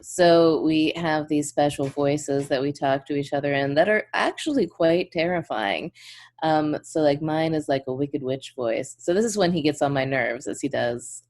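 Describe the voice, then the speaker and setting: A woman's voice: low voice, normal speed, a little mellow. A woman guest in a casual interview, speaking earnestly and effusively and laughing often. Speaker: podcast guest.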